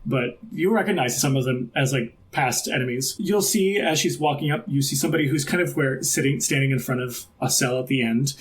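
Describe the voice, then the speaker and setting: A man's voice: mid-range voice, fairly quick, few pauses. A man narrating a tabletop game as game master, in a loose, rambling way full of fillers.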